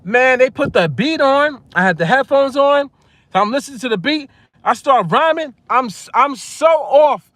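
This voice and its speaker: A New man in his forties spins a casual story straight to camera, his voice pitched notably high for a man. He talks in an animated way, repeats his phrases as he goes and chuckles often. The sound is close and dry, with no room around it. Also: normal speed, no room sound. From Long Island, New York. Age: 40s. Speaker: music producer and vlogger.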